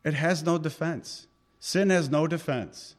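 A man preaching a conversational sermon, reading scripture aloud with force and dropping into soft asides. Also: fairly high pitch, measured pace. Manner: animated, swings between loud reading and soft asides.

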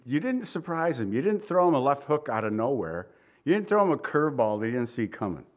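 A man's voice: medium pitch, very animated, fairly quick. A man preaching a Bible teaching in a loose, conversational way, chuckling and acting out the people he quotes. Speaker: pastor. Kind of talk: sermon teaching.

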